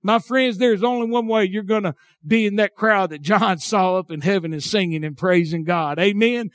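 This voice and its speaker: A man with a Southern hillbilly drawl preaching a sermon, swinging between shouted passages and quiet, folksy talk. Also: high voice, normal speed, few pauses, dry recording, clean studio sound.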